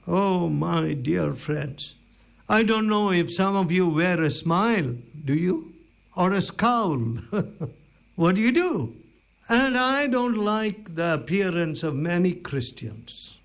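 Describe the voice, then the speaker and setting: Preacher guy, high voice, takes his time, lots of questions to the crowd. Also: big pitch swings, gravelly. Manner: emphatic, rhetorical questions, dramatic pauses. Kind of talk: sermon.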